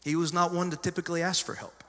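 A middle-aged pastor preaching a sermon, telling stories conversationally with sudden loud emphasis. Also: male voice, sits high, fast. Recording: long hall reverb.

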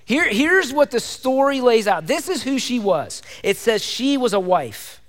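A man's voice: extremely high pitch, very animated, a little slow. A male pastor preaching a fervent sermon, firing off repeated rhetorical questions to his congregation. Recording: long hall reverb.

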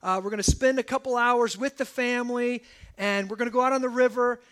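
A man in his thirties preaching a sermon in a church, telling personal stories in an animated way and often asking "okay?". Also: very high voice, brisk, clear, resonant tone. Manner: animated storytelling, asides like "okay?". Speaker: pastor.

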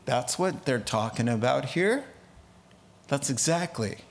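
Animated, slow-talking man preaching. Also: medium pitch, creaky. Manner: animated, acts out biblical characters with quick asides and laughs. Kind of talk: casual expository sermon.

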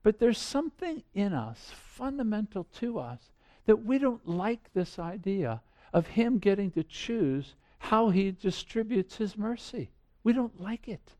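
A man with a high voice preaches a sermon. He throws rhetorical questions at the listeners, growing loud and then dropping low. His delivery is animated and earnest. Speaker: pastor.

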